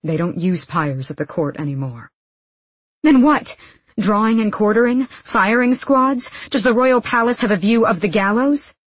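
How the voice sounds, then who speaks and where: A woman reading an audiobook, voicing a fierce, defiant young woman with a breathy voice. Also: low-pitched, fairly even intonation, normal speed, few pauses, dry recording. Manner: sharp, demanding, raised voice.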